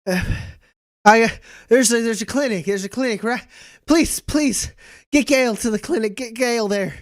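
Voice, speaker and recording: A man's voice: very high voice, a little fast, pushed and bright, pitched above the performer's own voice. A man voicing an injured woman who stammers and pleads for help in a tabletop game. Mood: pleading.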